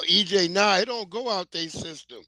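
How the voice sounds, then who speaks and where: A middle-aged man hosts a casual livestream, spinning rambling comic stories full of swearing and easy laughter. His voice sits high and sounds bright and sharp, and the recording is dry and close with no room sound. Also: a little slow, dry recording. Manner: rambling comic storytelling, profane, laughing often. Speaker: livestream host.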